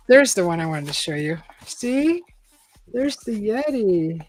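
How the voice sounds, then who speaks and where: A woman's voice: mid-range voice, big pitch swings, measured pace, no room sound, faint music behind. A woman hosting a casual live-stream, reading a choose-your-own-adventure book aloud, chatting and laughing often.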